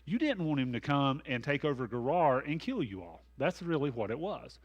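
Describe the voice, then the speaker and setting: A man's voice: medium pitch, big pitch swings, moderate pace, muffled recording. Folksy pastor man teaching. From American South. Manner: folksy, conversational, with asides and self-deprecating humor. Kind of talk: Bible study teaching.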